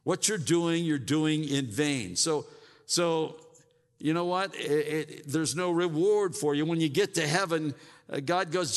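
A man's voice: fairly high pitch, measured pace, long reverb tail. A man preaching a sermon as pastor, often repeating words and stumbling into restarts as he builds his point. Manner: repeats words, mimics grumbling churchgoers.

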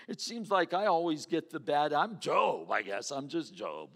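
A man's voice: a little high, sing-song, brisk, few pauses, fairly bright tone. A man preaching a sermon in a conversational way, acting out the voices of the people he quotes. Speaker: pastor. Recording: reverberant hall.

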